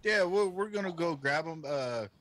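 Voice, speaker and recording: A man's voice: a little high, expressive, normal speed, a bit bright. A man playing a tabletop game, speaking casually with some hesitant restarts. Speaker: player.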